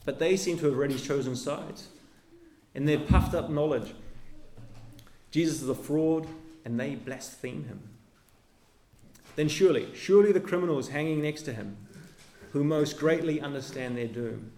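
A man's voice: moderate pace, pauses often, slight background noise. Earnest male preacher in an echoey room. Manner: earnest preaching, dropping low and soft at phrase ends. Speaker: pastor. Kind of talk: sermon. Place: church.

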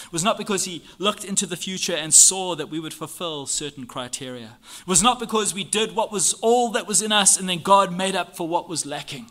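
A bright, forceful male voice leading an expository Bible lesson. He reads passages aloud and drives each point home with a string of earnest rhetorical questions. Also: fairly high pitch. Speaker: Bible teacher. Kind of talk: expository teaching on a church confession.

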